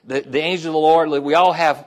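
A male pastor preaches in a loose, conversational way, circling back over his phrases and checking in with the congregation. His voice sits a little high for a man. When he rouses the room, he climbs higher and gets louder. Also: fairly even intonation, brisk. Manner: conversational, repeats himself, asks "amen?"; rises in pitch and volume when stirring the congregation. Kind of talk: sermon.

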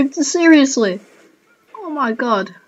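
A woman's voice: high voice, expressive, takes it slowly, lo-fi sound. Woman cringing through her own old videos. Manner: keeps exclaiming, cringing and laughing at herself. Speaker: gaming YouTuber. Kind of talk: casual reaction commentary.

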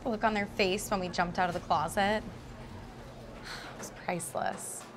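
A young woman playing an impulsive, excitable young woman who becomes a hitman's partner, talking in rambling, needling bursts. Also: mid-range voice, normal speed, background noise, lightly acted. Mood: hushed, thrilled. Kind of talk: web series drama acting.

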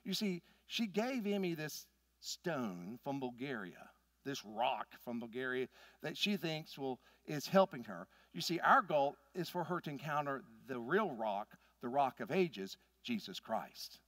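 A middle-aged pastor, telling a family story in a conversational sermon that builds to emphatic points. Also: male voice, mid-range voice, very animated, unhurried, fairly bright tone, no room sound, clean studio sound. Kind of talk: sermon with personal stories.

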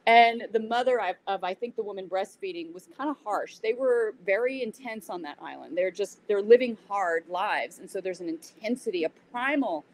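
A woman guest in an interview, telling a story in a casual, animated way and acting out what people said. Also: mid-range voice, slight background noise, low-quality recording. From United States. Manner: animated retelling with acted-out quotes. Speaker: interview guest, yoga teacher.

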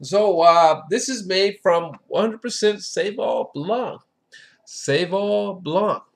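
A man's voice: sits high, expressive, unhurried. A man hosting a casual wine tasting review, chatty and enthusiastic, with lots of filler phrases.

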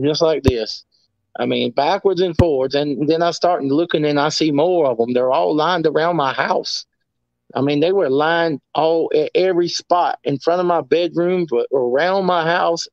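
A man's voice: fairly high pitch, gravelly, a little mellow, no room sound. Rambling man on a dull lo-fi line. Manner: rambling, many restarts and "I mean". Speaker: guest. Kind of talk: casual storytelling.

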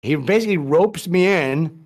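A man's voice: fairly high pitch, expressive, normal speed, a little mellow. Male podcast guest, rambling profane storyteller, frequent restarts.

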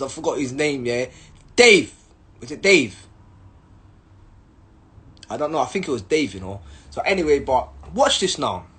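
A man's voice: mid-range voice, a bit bright, breathy edge. A young man, animatedly telling a story, full of slang, acted-out voices and sound effects.

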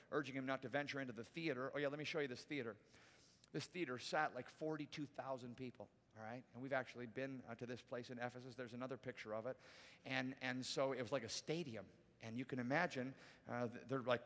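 A man's voice: a little high, quick pace, a bit bright, long reverb tail. A man preaching a sermon as pastor, casual and conversational, with playful asides to the congregation. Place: large church auditorium.

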